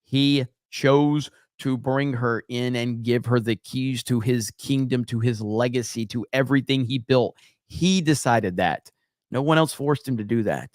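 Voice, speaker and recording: A man's voice: medium pitch, unhurried, no echo, studio quality. A man from Alabama, co-hosting a livestream and chatting casually, swearing freely and reading out viewer comments. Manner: loose, profane, reads chat aloud. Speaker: livestream co-host. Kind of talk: casual profane stream chat.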